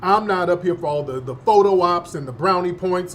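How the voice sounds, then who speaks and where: A man's voice: high voice, a little fast, few pauses, a little hiss or hum. A male host giving opinionated political commentary in an emphatic, slangy, scoffing manner.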